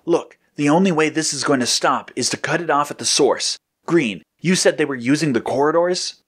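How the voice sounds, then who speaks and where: Determined storybook hero, voiced by a man, urgent, decisive, a bit raised pitch. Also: normal speed, fairly bright tone, husky. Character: determined male hero leader.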